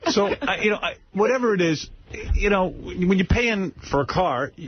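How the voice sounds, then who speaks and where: A man's voice: sits high, normal speed. Radio host guy telling a rant story, swears a lot, voice goes all over, dull broadcast sound w faint hiss. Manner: animated, swearing, mimics people in stories. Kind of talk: casual radio banter and storytelling.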